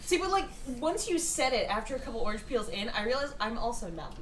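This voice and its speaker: A woman's voice: on the high side, big pitch swings, fast, roomy sound, slight background noise. A woman player chatting playfully with friends, often giggling. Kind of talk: casual chat among friends.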